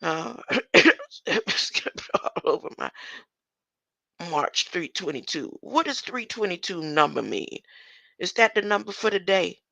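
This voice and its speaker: Older speaker, solo rambling talk, slow and gravelly, bright edge, reads verses and argues back. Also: mid-range voice, very animated, no room sound. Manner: laughs often and keeps asking "huh?"; reads verses aloud then argues with them. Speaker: self-styled scripture commentator.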